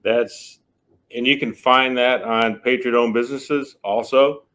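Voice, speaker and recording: A man's voice: medium pitch, fairly even intonation, measured pace, fairly bright tone. A man hosting an interview, casually plugging his guest's business. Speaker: host. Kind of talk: interview host.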